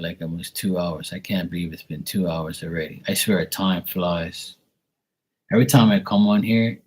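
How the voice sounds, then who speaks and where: A man's voice: deep voice, slightly rough. A young man giving live tarot readings, chatting loosely and swearing casually while he reads messages to viewers. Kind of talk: casual livestream chat.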